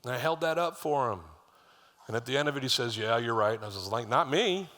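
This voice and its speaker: Middle aged guy preaching, chatty storyteller, bright voice, church hall echo behind him. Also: medium pitch, fast talker. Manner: conversational, storytelling, lively asides to the congregation. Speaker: lead pastor. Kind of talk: sermon. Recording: live church hall reverb.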